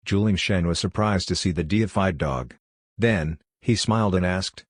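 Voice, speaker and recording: Deep, husky male audiobook narrator. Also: unhurried, no echo, studio quality. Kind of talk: scripted narration.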